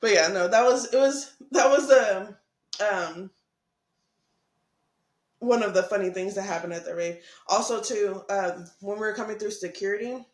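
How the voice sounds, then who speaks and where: A young woman telling a story in casual podcast chat, animated, laughing often and acting out what people said. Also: mid-range voice, normal speed, roomy sound. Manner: animated, laughing, swearing, acts out quotes. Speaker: podcast co-host.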